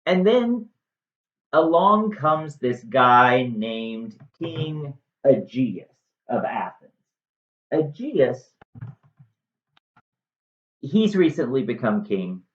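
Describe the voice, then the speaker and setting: A man's voice: medium pitch, very animated, drawn-out words, pauses often. Chatty, sarcastic male storyteller, muffled, roomy recording. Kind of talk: casual, comic retelling. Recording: roomy, slightly muffled room sound.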